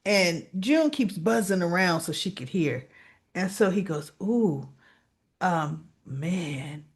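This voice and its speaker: A woman's voice: lowish voice, animated, a little slow, breathy edge. A woman giving a casual, chatty recap of a soap opera episode and talking straight to her viewers. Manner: chatty, conversational, asks the audience along.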